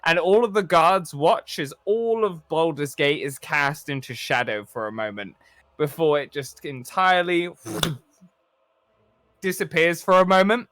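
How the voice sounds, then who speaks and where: A man's voice: on the high side, unhurried, fairly bright tone, no room sound. A man running a tabletop role-playing game as dungeon master, narrating scenes cinematically and laughing with his players over voice chat.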